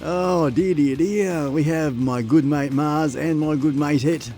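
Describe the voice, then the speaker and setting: A man hosting a casual live stream, excitable and laughing as he plays music and gives shout-outs to viewers from his home studio. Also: a little high, a little slow. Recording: music playing behind.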